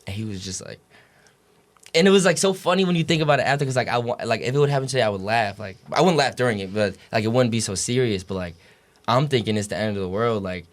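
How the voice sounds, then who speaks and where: A man's voice: mid-range voice, expressive, fast. A young man, a college basketball player as podcast guest, telling stories in rambling, slang-heavy speech full of swearing and fillers. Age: young adult. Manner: rambling slang, heavy swearing, many fillers like "you know what I'm saying". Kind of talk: casual interview chat.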